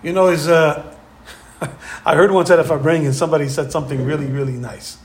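High-voiced animated male Torah teacher. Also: a little fast. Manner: animated storyteller acting out quoted voices. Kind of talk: Torah lecture.

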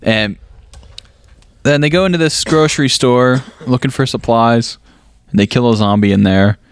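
A man's voice: mid-range voice, normal speed, clean tone, no room sound. A man co-hosting a casual movie podcast, recapping plot in a rambling way full of fillers and laughs. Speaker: podcast co-host. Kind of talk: casual movie review chat.

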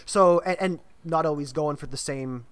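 A man's voice: on the high side, normal speed, clean tone, no room sound. Rambling man hosting a panel, dry sound. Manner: rambling, self-aware, hands off questions. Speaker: podcast host, moderator. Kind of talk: casual panel discussion.

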